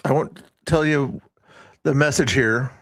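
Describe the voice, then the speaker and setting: A man's voice: medium pitch, measured pace, fairly bright tone, no echo. A man hosting a casual livestream, rambling and often breaking off mid-sentence. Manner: rambling, self-interrupting. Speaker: livestream host.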